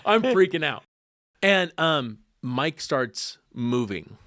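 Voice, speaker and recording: A man telling a personal story in a casual podcast conversation, animated and acting out the voices of the people involved. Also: on the high side, takes it slowly, no room sound, studio quality. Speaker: guest.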